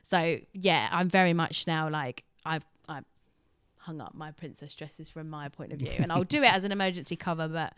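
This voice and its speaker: Chatty woman, smooth low voice. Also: normal speed, no echo, clean studio sound. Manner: chatty, laughs often, animated storytelling. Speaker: podcast guest. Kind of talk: casual chat. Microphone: podcast microphone.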